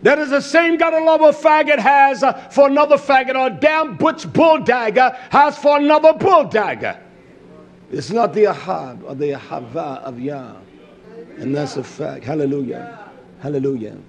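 A man preaching a fiery, confrontational sermon, swinging between loud shouts and hushed, drawn-out stresses and repeating key phrases. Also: very high-pitched, expressive.

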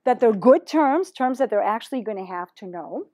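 A woman's voice: on the high side, lively intonation, moderate pace, dark tone. A woman presenting a teacher-training workshop, talking animatedly and dropping in Spanish phrases.

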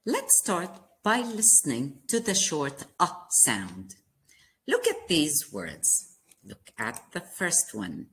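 A woman teaches young children their vowel sounds at a very slow pace, spelling each word letter by letter. Her voice sits low, but the pitch swings widely as she asks questions and encourages them. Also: big pitch swings, fairly bright tone. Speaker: kindergarten teacher. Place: classroom lesson video.

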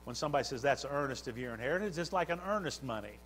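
A man's voice: mid-range voice, animated, very fast, fairly bright tone, slight background noise. A man preaching a sermon, building fervor through repeated phrases. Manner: preaching with rising fervor and repetition. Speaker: pastor.

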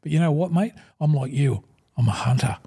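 Gruff-toned and on the high side, an older Australian man, formerly a rugby league player and broadcaster, tells lively yarns briskly as an interview guest. He plays out quoted dialogue and keeps saying "mate."

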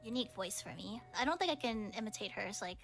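A woman's voice: medium pitch, expressive, fast talker, creaky, a bit bright. A young woman streamer chatting casually, rambling and teasing with frequent giggles.

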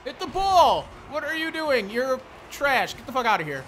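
High-pitched young man swearing at a game. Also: very animated, normal speed, soft background music. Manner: frustrated, swearing, yelling at teammates. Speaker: gameplay streamer. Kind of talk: live gameplay commentary.

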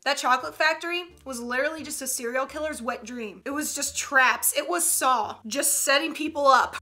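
Bright high-voiced young woman. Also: normal speed, hardly any pauses. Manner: chatty, laughs often, playful slang. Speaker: YouTuber reacting to memes. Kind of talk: casual comedic commentary.

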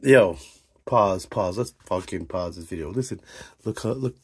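A man hosting a sports vlog outro, rowdy, profane and hyped, rambling between shouts. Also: low-pitched, normal speed, husky, no room sound. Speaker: vlog host.

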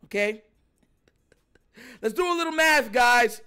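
High-voiced man ranting about football. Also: a little slow, clean tone. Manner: animated, exasperated, emphatic repetition. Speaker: sports commentary host. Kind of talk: ranting reaction commentary.

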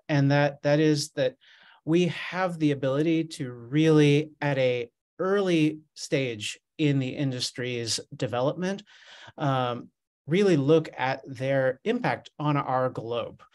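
Professor man presenting research over webinar. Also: fairly high pitch. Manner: earnest, explanatory, with fillers. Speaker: assistant teaching professor.

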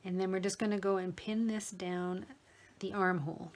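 A middle-aged woman explaining a sewing project step by step in a relaxed manner, talking while she works with her hands. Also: medium pitch, normal speed. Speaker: sewing tutor. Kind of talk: step-by-step craft tutorial.

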